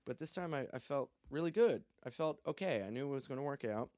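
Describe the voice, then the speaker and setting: A man's voice: mid-range voice, expressive, fast, darkish tone, dry recording, studio quality. A young man telling a story in a loose, profane, joking way. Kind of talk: casual storytelling.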